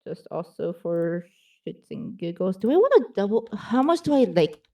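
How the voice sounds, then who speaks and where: A woman's voice: medium pitch, big pitch swings, moderate pace, dark tone. A woman playing a tabletop game, asking about the rules in a chatty, hesitant way with many fillers. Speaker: player.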